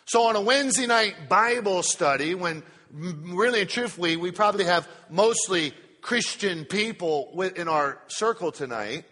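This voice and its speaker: A man preaching a sermon at a church Bible study, stretching key words slowly for emphasis. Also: high-pitched, animated, sharp tone. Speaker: pastor. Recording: long hall reverb.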